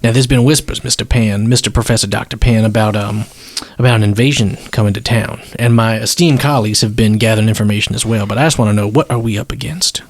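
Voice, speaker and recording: A man voicing a folksy Southern gentleman in a put-on American Southern drawl, playing it hammy. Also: on the low side, fast, few pauses, no room sound, lightly acted. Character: Southern gentleman adventurer, addressed as Governor.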